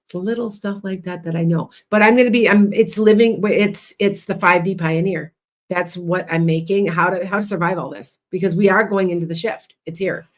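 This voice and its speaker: A woman hosting a livestream as a psychic and hypnotist, chatting loudly and rambling with many restarts. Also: lowish voice, steady tone, normal speed.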